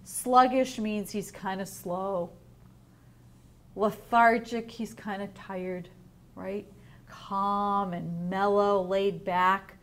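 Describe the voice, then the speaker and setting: Woman teacher, storybook lesson for little kids; gentle, questioning, takes her time. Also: medium pitch, steady tone, drawn-out words. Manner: gentle, explaining, asks the children questions. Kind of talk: reading a picture book aloud to young children.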